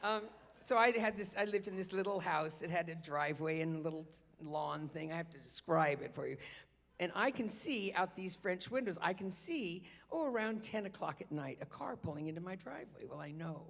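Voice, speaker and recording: On a theater stage during a benefit concert, a guest storyteller shares a chatty, self-mocking anecdote, stumbling into hesitant restarts. Her voice sits fairly low and moves briskly. The concert hall leaves a long reverb on everything.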